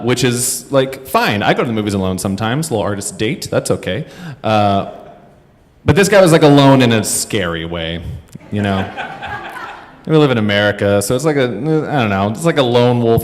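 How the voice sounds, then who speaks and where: Thirties male storyteller; low-ish, rambling and self-deprecating, reverberant live venue. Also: lively intonation, normal speed. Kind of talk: live comedic storytelling to an audience. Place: stage in front of a live audience. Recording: echoey hall.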